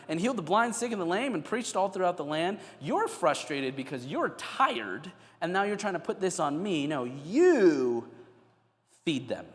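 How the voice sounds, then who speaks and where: Pastor doing a firm, emphatic male teacher, louder, echoey church hall. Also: high voice, pitched above the performer's own voice. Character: firm, patient male teacher pushing back.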